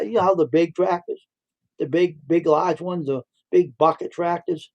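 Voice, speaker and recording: A man's voice: on the high side, steady tone, moderate pace, darkish tone, low-quality recording. Rambling man telling stories on a livestream. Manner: rambling, repeats himself. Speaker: livestream host. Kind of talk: casual storytelling.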